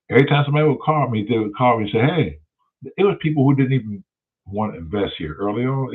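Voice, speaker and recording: A man's voice: mid-range voice, breathy edge. A man, hosting and telling a story casually, profane and emphatic. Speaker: host. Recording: tinny phone-like sound.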